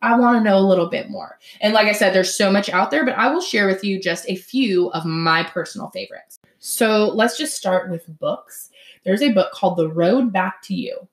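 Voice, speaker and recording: A woman's voice: mid-range voice, normal speed. Chatty woman podcaster in an echoey room. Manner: chatty, animated, acts out quoted friends. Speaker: podcast host. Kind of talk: casual solo podcast talk. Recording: roomy echo.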